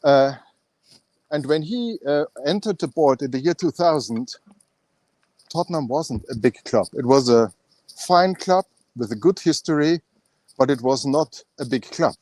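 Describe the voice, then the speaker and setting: A man's voice: fairly high pitch, animated, measured pace, a little mellow, dry recording. A man with an Austrian accent chatting casually on a fan phone-in show, talking with many fillers and restarts. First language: German.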